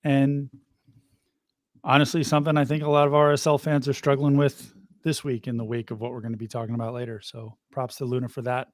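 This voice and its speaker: A man co-hosting a live podcast, relaxed and chatty, giving shout-outs. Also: medium pitch, brisk, no echo, studio quality. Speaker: podcast co-host. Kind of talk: casual live podcast talk.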